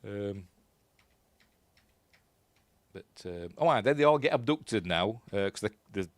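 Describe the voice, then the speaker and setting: Deep-voiced Yorkshire man rambling. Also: animated, moderate pace, no room sound. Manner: rambling, unsure, chuckling asides. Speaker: film reviewer. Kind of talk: casual commentary over a film.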